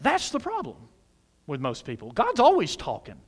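A man preaching a sermon as pastor of a church, loud and emphatic, using humor and questions to the congregation. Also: wildly swooping pitch, normal speed, breathy edge. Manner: loud, emphatic preaching with big pitch swings. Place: church sanctuary.

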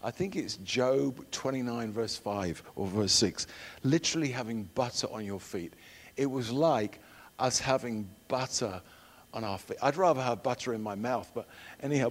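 A middle-aged man preaching a sermon and telling personal stories, shifting from loud emphatic declarations to hushed storytelling. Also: mid-range voice. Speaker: preacher and missionary trainer. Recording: long hall reverb.

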